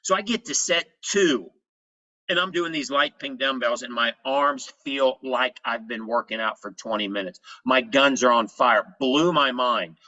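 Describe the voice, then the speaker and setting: Man, presenter, energetic storytelling, short punchy phrases, bright forceful tone, muffled lo-fi recording. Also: mid-range voice, unhurried. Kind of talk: motivational health presentation.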